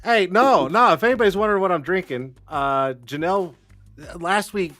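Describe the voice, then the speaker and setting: A man hosting a casual live-stream talk show, rambling and excitable, swearing freely. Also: high-pitched, normal speed, no echo, faint music behind. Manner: rambling, profane and excitable, with frequent restarts and laughs. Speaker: livestream talk show host.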